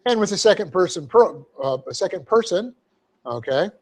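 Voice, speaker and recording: Man, pastor, bible teaching, slightly high voice, methodical, spells words out, says "okay?" often. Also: animated, moderate pace, a little mellow. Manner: frequent fillers and "okay?" check-ins. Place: church sanctuary.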